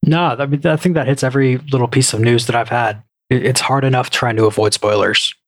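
Relaxed male podcaster telling anecdotes. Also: medium pitch, a little fast, dry recording. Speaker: podcast co-host. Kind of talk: casual podcast chat.

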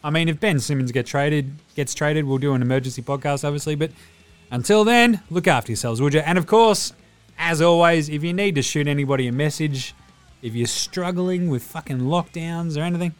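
A man's voice: on the high side, a little fast, dry recording, faint music behind. A man with an Australian accent hosting a podcast, signing off in a casual, sweary, matey way. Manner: swears freely, matey and energetic. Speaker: podcast host.

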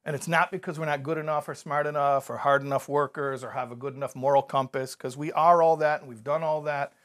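A man giving a measured, reflective talk about recovery, mixing in stories and jokes. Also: on the high side, steady tone, fairly bright tone. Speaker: recovery speaker.

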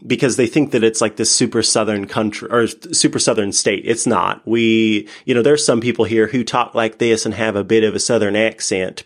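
A man with a Midwestern American accent talks in an easygoing, rambling way, restarting sentences and laughing easily. His voice sits a little low. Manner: chatty, many fillers and restarts, laughs often. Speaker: podcast guest. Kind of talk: casual interview talk.

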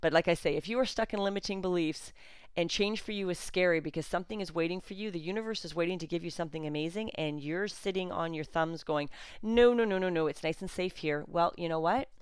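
Lady coach doing a solo podcast, blunt and a bit sarcastic, lowish smooth voice. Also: quick pace, no room sound. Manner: blunt, outspoken; sarcastic at times.

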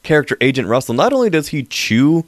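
A man's voice: on the high side, very animated, quick pace, no echo. Wry man chatting about a movie. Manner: wry, laughs often, adds dry remarks. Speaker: podcast co-host. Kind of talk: casual movie review chat.

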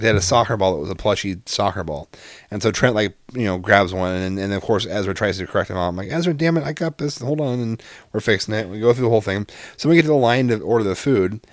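A man's voice: on the low side, no echo, studio quality. A man in his thirties telling a story in casual chat, exasperated and profane, rambling with lots of fillers.

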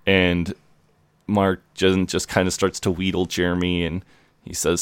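Deep, smooth-voiced male podcaster. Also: little pitch movement, moderate pace, no echo, studio quality. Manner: narrates plot beat by beat, quoting characters. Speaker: podcast co-host. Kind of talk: casual chat recapping a TV episode.

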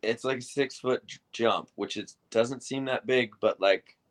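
A man's voice: medium pitch, unhurried. A man in his thirties telling wild stories in casual chat, swearing freely and acting out what people said. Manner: swearing, animated retelling with acted-out quotes. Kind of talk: casual storytelling.

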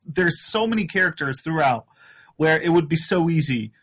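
A man co-hosting a casual behind-the-scenes chat, chiming in with quick agreements and examples. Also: a little high, expressive, fairly bright tone, breathy edge. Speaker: podcast co-host.

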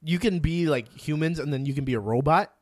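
A man's voice: on the high side, a little fast, dry recording, studio quality. A man co-hosting a casual podcast, rambling and laughing as he tells stories and acts out little voices. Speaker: podcast co-host.

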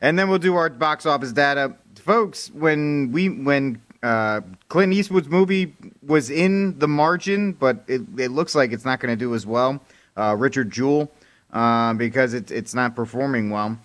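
A man doing a news segment on talk radio in a casual, wry voice. He jokes along and stays easygoing at a middle pitch. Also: unhurried, fairly bright tone. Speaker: news co-host.

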